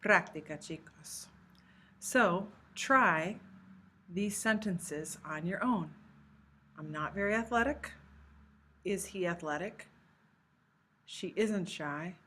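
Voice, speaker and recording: A woman teaching a recorded language lesson, explaining patiently step by step and slowing down to model example phrases. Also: on the low side, bright, forceful tone, husky. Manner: slows down to model Spanish phrases. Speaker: Spanish teacher.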